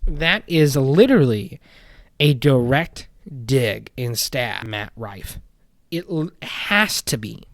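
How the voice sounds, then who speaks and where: A young man hosting a casual podcast, commenting on paranormal community drama with animated indignation that drops into muttering. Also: medium pitch, slow pace, no room sound, studio quality. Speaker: podcast host.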